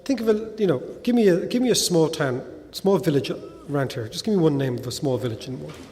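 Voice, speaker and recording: A middle-aged man with a Dublin Irish accent, speaking to an audience in a lively, conversational way, peppering points with "right?". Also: a little high, fast. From Ireland. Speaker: guest speaker. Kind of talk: talk with audience Q&A. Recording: hall reverb.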